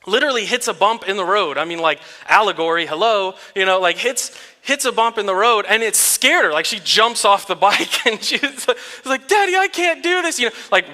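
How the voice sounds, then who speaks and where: A man in his thirties, a pastor giving a sermon in a relaxed storytelling way, laughing often. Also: high-pitched, moderate pace, hardly any pauses. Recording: long reverb of a large hall.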